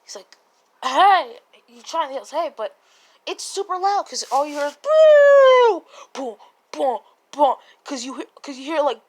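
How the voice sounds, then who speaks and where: A woman's voice: high-pitched, animated, a little fast. A woman casually retelling a fan story in a rambling, profane way, often laughing and correcting herself.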